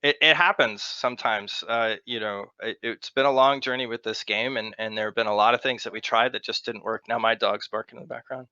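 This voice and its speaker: An American man from Arizona answering community questions on a voice call in a relaxed, halting way, often restarting his sentences. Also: mid-range voice, clean tone, no room sound. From Arizona, USA. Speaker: game developer. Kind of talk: casual Q&A in a voice call. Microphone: computer mic on a voice call. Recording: dull lo-fi voice call.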